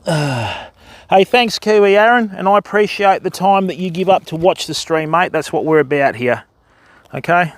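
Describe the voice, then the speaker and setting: A man's voice: high voice, animated, moderate pace. An Australian man from Western Australia chatting casually with viewers while fishing on a live stream. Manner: matey, chatty, talks to viewers by name. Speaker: fishing livestreamer. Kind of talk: casual livestream chat. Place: riverbank outdoors.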